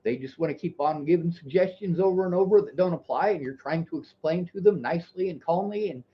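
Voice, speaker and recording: A man's voice: fairly high pitch, fast talker, few pauses, dark tone, husky. Heated, cursing man on a lo-fi stream. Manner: heated, profane, lecturing. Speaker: livestreamer reading viewer messages. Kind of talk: livestream commentary and rant.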